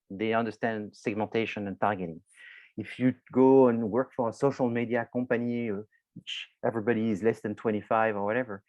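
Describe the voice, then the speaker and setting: A man's voice: on the low side, a little mellow, dry recording, rough recording. A man lecturing a university marketing class, explaining loosely with many restarts and filler words, addressing students directly.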